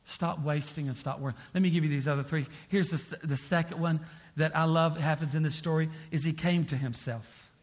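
A man preaching a sermon as pastor, repeating phrases and swinging from quiet to impassioned. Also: fairly high pitch, fairly even intonation, brisk, few pauses.

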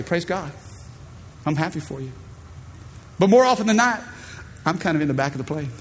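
Man, pastor, high voice, emphatic sermon, congregation call-outs, long reverb, faint ambience. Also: a bit bright, a little hiss or hum. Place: church stage.

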